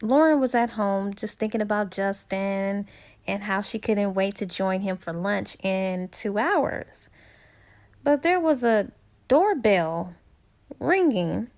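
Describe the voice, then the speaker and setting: A woman casually retelling a novel's plot as a book reviewer, chatty and slangy, with fillers. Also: mid-range voice.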